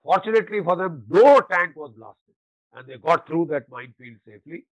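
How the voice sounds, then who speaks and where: A man's voice: fairly high pitch, moderate pace, no echo, poor audio. An older man with an Indian English accent, a retired army general telling war stories as an interview guest, acting out the dialogue and often adding "you know". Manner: animated storyteller, acts out quoted dialogue, often adds "you know". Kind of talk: war storytelling.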